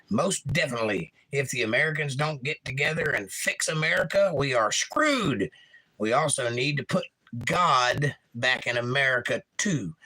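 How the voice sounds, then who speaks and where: A man's voice: mid-range voice, sharp tone. A man hosting a livestream in a casual way, reading viewers' chat messages aloud and adding wry asides. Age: young adult.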